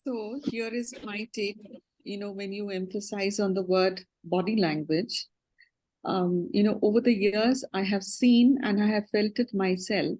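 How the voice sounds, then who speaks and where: A woman's voice: mid-range voice, steady tone, unhurried, darkish tone. A woman teacher joining a panel discussion, speaking earnestly and reflectively from her own experience.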